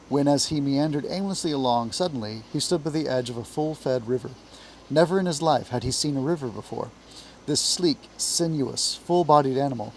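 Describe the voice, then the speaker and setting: A man from Appalachia with an Appalachian accent, reading a classic children's book aloud in a measured, expressive way. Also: a little high, slight background noise, low-quality recording. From Appalachia, US South. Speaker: reader, teacher.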